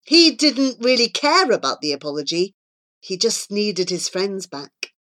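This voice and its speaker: A woman reading a children's novel aloud as narrator with expressive, measured storybook narration. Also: medium pitch. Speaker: audiobook reader.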